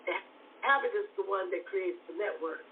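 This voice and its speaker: A woman's voice: mid-range voice, moderate pace. A woman hosting a talk show as a therapist, speaking emphatically, repeating herself and often asking if you follow. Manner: emphatic and repetitive, often asks "you know what I'm saying". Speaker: host and therapist. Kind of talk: conversational talk show discussion. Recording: phone-like audio from far off with faint noise.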